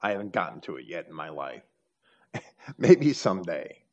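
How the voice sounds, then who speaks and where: A man holds forth in a conversational lecture, his voice sitting low but swinging widely in pitch. He trips over his own words, restarting and doubling them. The recording is dull and lo-fi. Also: sing-song, moderate pace, darkish tone. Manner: stammering restarts, repeats words. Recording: muffled lo-fi audio.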